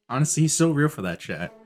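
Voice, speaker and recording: A man streaming a game, riffing through casual commentary with jokes, swearing and laughter. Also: fairly high pitch. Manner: joking, swearing, laughing banter.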